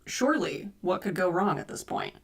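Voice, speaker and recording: A woman's voice: lowish voice, lively intonation, moderate pace. A woman chatting casually with her viewers on a live stream from home, reading and answering chat and troubleshooting her audio. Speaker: cosplay streamer. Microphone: desk USB mic.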